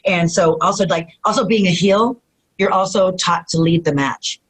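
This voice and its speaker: Woman telling stories in an interview, animated, lots of "you know", acts out what people said. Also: on the low side, normal speed, breathy edge, poor audio. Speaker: retired pro wrestler guest. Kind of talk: casual interview storytelling.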